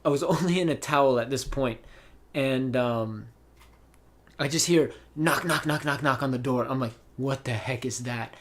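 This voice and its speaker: A man's voice: medium pitch, normal speed. Rambling young man telling a story. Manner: rambling, with many fillers and restarts. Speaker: podcast host. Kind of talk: casual storytelling chat. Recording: voice call.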